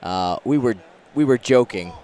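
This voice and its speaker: A man co-commentating a tabletop tournament, playful and quick with banter. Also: mid-range voice, animated, darkish tone. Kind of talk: casual game commentary.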